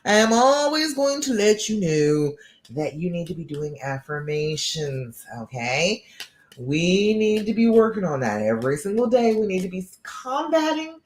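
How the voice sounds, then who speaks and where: A tired woman coach talks to viewers in an encouraging, repetitive way, often checking in with "okay?". Her voice sits low and warm. The room sounds echoey around her. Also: very animated, unhurried. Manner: encouraging, repeats "okay?" and "all right?". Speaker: relationship coach. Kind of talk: live-stream coaching talk.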